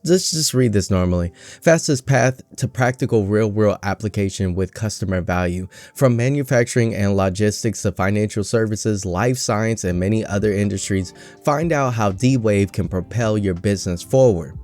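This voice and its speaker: A man's voice: fairly low pitch, normal speed, darkish tone, no echo, soft background music. A man hosting a casual, jokey stock market vlog, rambling with self-mocking asides.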